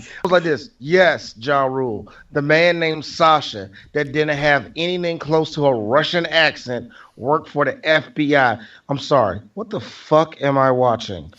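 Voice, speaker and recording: A man co-hosting a casual movie review podcast, animated and laughing often as he acts out scenes from the film. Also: on the high side, normal speed, few pauses. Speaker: podcast co-host. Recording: slightly dull lo-fi audio.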